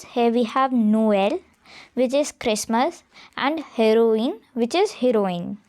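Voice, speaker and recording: A woman with an Indian accent gives a beginner French lesson in a high, clear voice. She explains slowly and patiently, spelling words out one letter at a time. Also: darkish tone. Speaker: French teacher.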